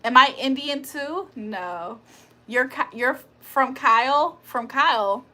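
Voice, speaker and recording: A woman's voice: high voice, takes it slowly, sharp tone. A young woman hosting a casual livestream, reading chat aloud and laughing often. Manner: chatty, laughs often, reads comments aloud.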